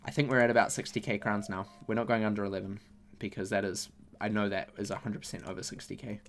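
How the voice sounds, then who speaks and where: A man's voice: on the low side, flat delivery, fast talker. A young man commentating casually as he opens game packs, complaining in exasperated, repetitive bursts about his bad luck. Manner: exasperated, repeats himself, mock-angry complaints. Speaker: gaming YouTuber.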